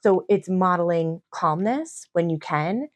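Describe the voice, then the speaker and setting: Podcast co-host, woman, thirties, earnest explainer, lowish voice, dry close sound. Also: expressive, a little slow, dry recording. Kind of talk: casual chat.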